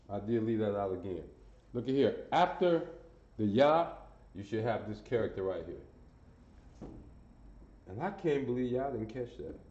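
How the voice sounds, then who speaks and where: Slow-talking man teaching in an echoey room. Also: on the low side, darkish tone. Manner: drills sounds aloud, repeats phrases, quizzes the class. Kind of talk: classroom lesson. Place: classroom with a board. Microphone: camera he sometimes walks away from. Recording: roomy, muffled sound.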